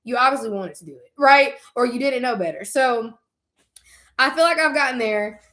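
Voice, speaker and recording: A young woman shares her faith in a casual vlog, talking frankly and turning to her viewers as if chatting with friends. Her voice sits a touch high and rings bright and forward. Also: normal speed. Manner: candid, conversational, addresses viewers directly. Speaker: faith vlogger.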